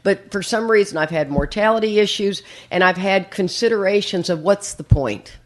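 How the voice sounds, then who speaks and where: A woman's voice: mid-range voice, moderate pace. An older woman sharing her story at a recovery meeting, chatty and rambling, often repeating words as she starts a sentence. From USA. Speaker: AA speaker.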